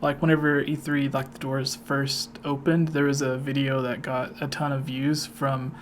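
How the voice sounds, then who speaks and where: A man's voice: mid-range voice, flat delivery, moderate pace, slight background noise. A man hosting a YouTube interview, asking long rambling questions with many fillers. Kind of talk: casual interview chat.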